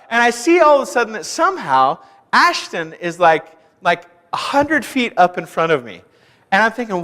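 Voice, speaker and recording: A young adult man from Kansas preaching a sermon, telling a story and acting out dialogue with shouts and laughs. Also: sits high, big pitch swings, normal speed. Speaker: pastor. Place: church sanctuary. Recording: long hall reverb in a church.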